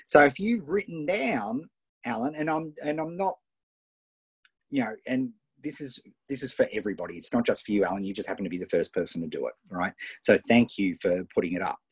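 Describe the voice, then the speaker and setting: A middle-aged Australian man coaching entrepreneurs on a live webinar, energetic and encouraging, often ending points with "right?", recorded on a tablet mic. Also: medium pitch, husky, no echo. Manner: energetic, tag questions, reads out students' wins. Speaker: online business coach. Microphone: iPad Pro built-in mic.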